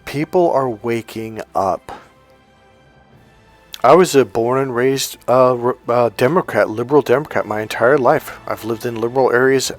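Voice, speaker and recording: A man's voice: medium pitch, moderate pace, soft background music. A man from the San Francisco Bay Area, a self-help coach talking in a casual, rambling opinion monologue that acts out the voices he quotes.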